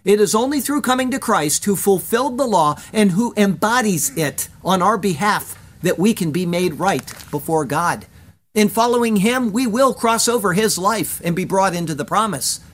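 A Bible teacher giving scripted verse-by-verse commentary, reading in a measured way and stressing key phrases. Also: medium pitch, expressive.

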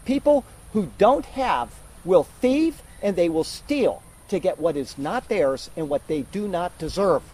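A male pastor delivers an emphatic sermon, working through a scripture passage and warning his congregation. His voice is mellow and warm, sitting a little higher than most men's. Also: animated, unhurried, few pauses, husky, rough recording. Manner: emphatic, teaching verse by verse.

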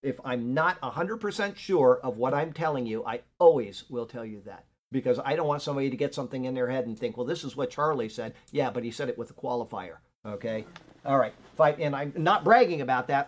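A man's voice: medium pitch, expressive, fairly quick. An older man teaching a Bible class in an earnest, conversational way, often checking in with his listeners. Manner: conversational, earnest, frequent "okay?" check-ins.

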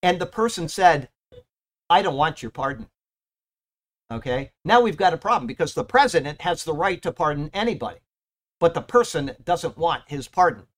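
A man's voice: fairly high pitch, lively intonation, normal speed. Man teaching a Bible study. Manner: reads commentary aloud, checks in with listeners.

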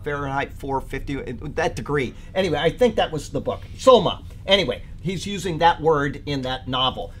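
Man teaching scripture on a podcast, voice a touch high; loose and rambling, stresses emphatic words as he reads. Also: lively intonation, normal speed, few pauses, a bit bright, a little hiss or hum. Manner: searches for words with many fillers. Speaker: Bible study teacher. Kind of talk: podcast Bible study talk.

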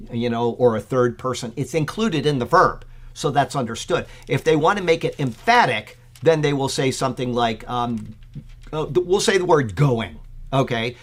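A man, a pastor, giving an informal Bible commentary in a conversational way, with many fillers, getting excited as he talks. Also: medium pitch.

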